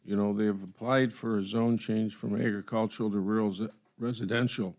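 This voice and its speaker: A man speaking as a county commissioner at a public meeting, halting and hedging with many restarts. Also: on the low side, fairly even intonation, darkish tone.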